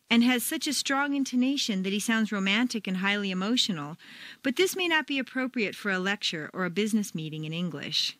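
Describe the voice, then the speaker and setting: Woman narrator for a pronunciation course, measured delivery, lively pitch, dry close sound. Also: dry recording. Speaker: pronunciation teacher. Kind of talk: scripted instructional narration.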